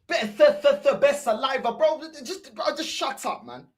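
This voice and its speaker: A fan streamer, a woman, rants about her club, repeating herself in exasperation. Her voice sits a little high and swings widely up and down. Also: big pitch swings, a little slow. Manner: exasperated, repetitive ranting. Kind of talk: ranting fan commentary.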